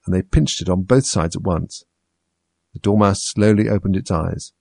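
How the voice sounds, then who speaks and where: A man reading a storybook aloud with steady, measured narration. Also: sits low, vocal fry, no room sound.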